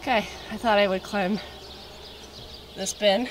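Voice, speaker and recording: A woman's voice: medium pitch, a little slow. A woman farmer chatting casually to a handheld camera outdoors while doing chores on her farm. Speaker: farmer and vlogger. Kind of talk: casual vlog chat to camera. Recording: clear outdoor farm noise.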